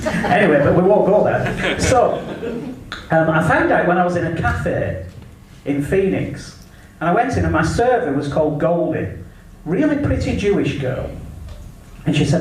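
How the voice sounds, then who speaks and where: A man with an English accent delivers a cheeky, crude stand-up set at an unhurried pace. His fairly high voice leaps up and down to sell each punchline. He is heard from slightly off mic in a very echoey live room with faint noise behind. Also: sing-song, recorded from a distance. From England. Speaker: stand-up comedian. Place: live comedy venue.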